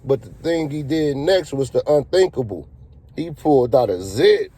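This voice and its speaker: A man's voice: medium pitch, lively intonation, normal speed, dark tone, husky. A man telling a casual story in a slangy, profane, laid-back way.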